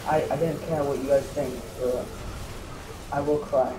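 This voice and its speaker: A man's voice: medium pitch, fairly even intonation, normal speed. A man giving gameplay commentary, complaining melodramatically and cursing in bursts. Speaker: gaming video maker. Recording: roomy, distant mic with noise.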